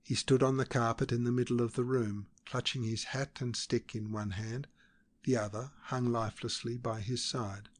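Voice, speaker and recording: A man narrating a classic novel as an audiobook, in a steady, measured reading. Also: medium pitch.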